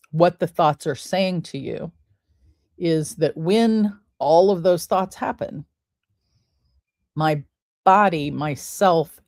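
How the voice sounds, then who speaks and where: Slow, low-voiced woman guiding breathing. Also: darkish tone, dry recording, clean studio sound. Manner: slow, soothing, counts breaths aloud. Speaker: podcast host. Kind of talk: guided breathing and wellness talk.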